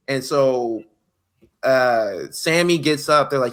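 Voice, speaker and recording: Animated man retelling wrestling segments. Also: medium pitch, slow. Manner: animated storytelling, acting out quotes with slang. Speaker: podcast co-host. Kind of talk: casual wrestling chat.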